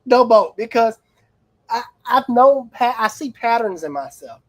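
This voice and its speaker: Middle-aged guy who owns a car shop, chatting loose and lively on a stream, voice jumps all over, dry close sound. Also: very high-pitched, measured pace, dry recording, low-quality recording. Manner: animated, rambling storyteller with playful exclamations. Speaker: auto repair shop owner, host. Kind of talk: casual livestream chat.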